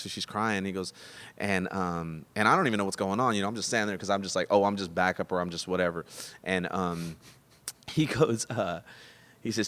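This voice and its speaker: Rambling low-voiced male podcast host. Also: a little fast. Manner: rambling storyteller, many restarts and fillers, gets loud and high when excited. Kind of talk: casual chat. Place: comedy club.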